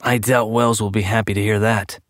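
A worried young man talks in a soft, anxious way, read by a male narrator in his own lowish voice. The sound is close and dry, as in a quiet booth. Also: little pitch movement, moderate pace, no echo, natural voice. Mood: earnest. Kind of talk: audiobook character reading.

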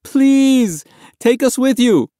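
A man reading an audiobook, voicing a desperate young boy who pleads and shouts in panic. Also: extremely high pitch, lively intonation, slow pace, no echo, clean studio sound, voice pushed up, exaggerated voice. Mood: desperate pleading. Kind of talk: audiobook character voice.

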